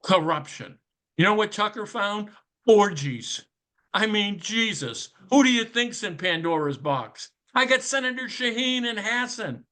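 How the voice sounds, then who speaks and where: A man with a high-pitched, sharp-edged voice holds forth in a casual podcast rant. He swears freely and throws out one rhetorical question after another, sardonic and conspiratorial. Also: lively intonation. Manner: profane, rapid-fire rhetorical questions. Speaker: podcast commentator. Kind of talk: casual ranting commentary.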